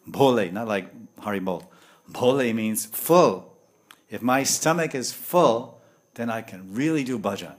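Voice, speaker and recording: A man giving a devotional lecture in English with Sanskrit and Hindi terms, telling lively stories and swinging from hushed tones to loud bursts. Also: mid-range voice, unhurried. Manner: animated, acts out voices and laughter, swings from hushed to loud. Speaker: spiritual teacher.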